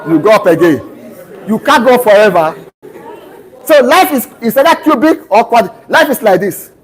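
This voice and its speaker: High-pitched, lively Nigerian lecturer. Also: male voice, moderate pace, a faint crowd, rough recording. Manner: drills students with fill-in-the-blank questions ending in "what?"; teaches through homely family anecdotes. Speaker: university lecturer. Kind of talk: live classroom lecture. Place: lecture room.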